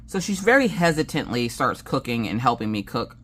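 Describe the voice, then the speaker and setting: Chatty Southern mom telling family stories. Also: female voice, extremely low pitch, very animated, brisk, breathy edge. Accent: Southern American. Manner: chatty storyteller who acts out family dialogue; swears casually. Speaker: crafting channel host. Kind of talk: casual chat while crafting.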